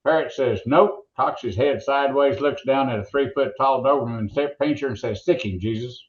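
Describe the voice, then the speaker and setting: A man's voice: medium pitch, fairly quick, dull audio. An older man with an Oklahoma accent, a former announcer telling stories and jokes in a folksy, rambling way. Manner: folksy, rambling joke-teller. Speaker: guest, former monster truck announcer. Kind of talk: casual interview storytelling.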